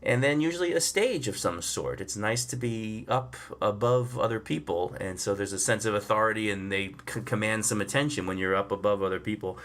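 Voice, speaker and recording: A male stand-up comedian delivers a storytelling monologue in a lowish voice. He's a relaxed, unhurried storyteller who chats along with lots of ums, fillers and laughter.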